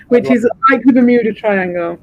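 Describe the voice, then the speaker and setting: High-voiced man, sweary chat. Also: highs cut off. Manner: swears freely, rambling and animated. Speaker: streamer. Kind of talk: casual chat.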